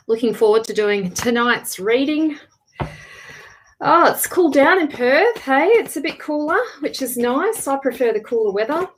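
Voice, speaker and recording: A chatty woman in her thirties hosts a tarot livestream, greeting viewers one by one in a fairly high voice. She restarts her sentences often, and she drifts off the mic now and then. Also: slight background noise. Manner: chatty, warm greetings, frequent restarts and laughs. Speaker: tarot reader hosting a livestream.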